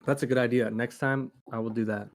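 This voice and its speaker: A laid-back speaker talks casually over a voice call in a mid-range voice, answering with dry, easygoing remarks. The delivery stays relaxed and unhurried. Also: medium pitch.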